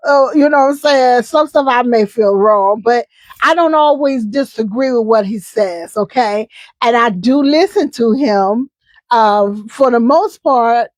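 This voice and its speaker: A woman's voice: high-pitched, no echo. A woman hosting a casual live chat, talking in a chatty, emphatic way and often repeating herself. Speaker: host.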